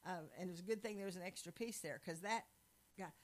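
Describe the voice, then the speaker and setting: A woman preaching a sermon, telling lively stories with laughter. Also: fairly low pitch, fast talker, low-quality recording. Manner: animated storytelling with laughs.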